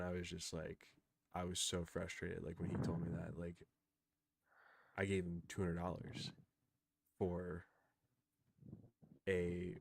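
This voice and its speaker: Very deep-voiced man ranting on a stream. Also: vocal fry, a little hiss or hum. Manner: frustrated, rambling, many fillers. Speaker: streamer host. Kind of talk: live stream commentary, ranting.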